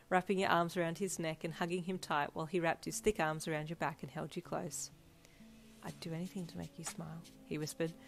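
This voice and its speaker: A woman reading aloud a fanfiction story in a calm, even storybook narration. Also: sits low. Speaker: fanfiction reader.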